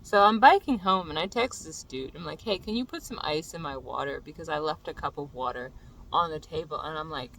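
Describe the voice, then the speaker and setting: A young adult vlogger telling a venting story in a profane, exasperated rant that builds into shouting. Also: medium pitch, a little fast, gravelly, a little hiss or hum, poor audio.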